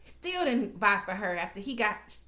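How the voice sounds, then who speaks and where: A woman recapping a TV episode for her viewers in a blunt, animated, profane rant. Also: mid-range voice, normal speed, echoey room. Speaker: TV recap vlogger.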